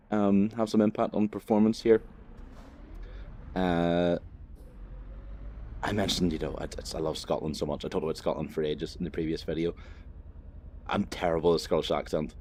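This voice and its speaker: Man, deep voice, rambling gaming commentary, full of ums and swearing. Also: a little mellow. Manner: rambling, laid-back, sweary, lots of fillers. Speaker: gaming vlogger. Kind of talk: casual commentary while playing a driving game.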